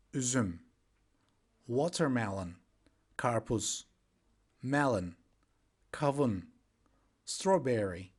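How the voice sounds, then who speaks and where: A man whose first language is Turkish teaches an online language lesson at a very slow, unhurried pace. He is patient, repeats each word several times, and fills his pauses with "uh". His voice sits at an ordinary middle pitch. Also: a little mellow. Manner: many "uh" fillers while explaining.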